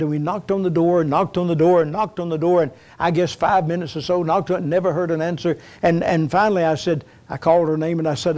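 A man's voice: fairly high pitch, darkish tone. A middle-aged man preaching a sermon, retelling a story with many repeated words and rising to emphatic peaks. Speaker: pastor.

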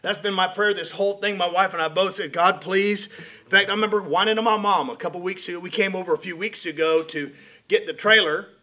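Man, high voice, preacher, folksy animated sermon, middle-aged. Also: a little fast. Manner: folksy, animated preaching with rising and falling volume.

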